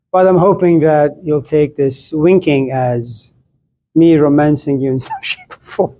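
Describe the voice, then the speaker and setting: A man's voice: a little high, moderate pace, mellow. A middle-aged man lecturing to a class, playful and acting out little scenes as he talks.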